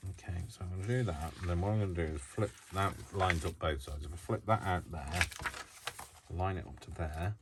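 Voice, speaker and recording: Deep-voiced man chatting through crafts. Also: a little fast. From United Kingdom. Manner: rambling, self-mocking asides. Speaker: crafting channel host. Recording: loud noise from a faulty microphone.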